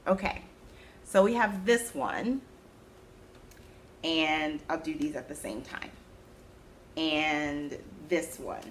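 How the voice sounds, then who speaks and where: Woman host, low-pitched, chatty and self-amused, casual craft-podcast talk with faint background noise. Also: slow, long pauses. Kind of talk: casual chat.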